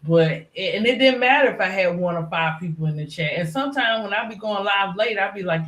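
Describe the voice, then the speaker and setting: A woman's voice: medium pitch, lively intonation, fairly quick, hardly any pauses, fairly bright tone, echoey room. A middle-aged woman who is a regular on a livestream panel, talking in a casual, rambling way full of fillers. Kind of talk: casual chat.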